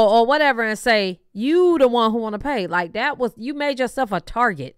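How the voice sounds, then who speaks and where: A woman with a smooth, clear voice gives blunt, casual gossip commentary, cussing freely and acting out quoted back-and-forths. The sound is dry and close. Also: medium pitch, lively intonation, normal speed, few pauses, dry recording. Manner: blunt, swears freely, tells stories with quoted dialogue. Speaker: co-host of a gossip reaction show.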